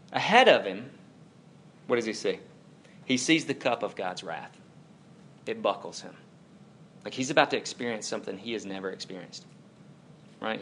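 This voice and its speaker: A pastor in his thirties who preaches like he is chatting with friends. His pitch swings widely as he pushes a point, then drops low to bring it home, with a faint hum of room ambience behind him. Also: fairly bright tone. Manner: informal, talks directly to the audience, many fillers like "like". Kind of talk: conversational sermon.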